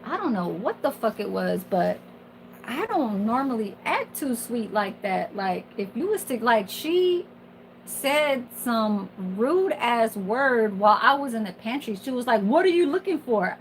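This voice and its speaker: A woman in her forties talks candidly and profanely, rambling through a casual vent with plenty of fillers. Her voice sits a touch higher than most. A faint hum of noise lies underneath. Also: very animated, unhurried, poor audio. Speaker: kitchen worker. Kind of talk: casual venting monologue.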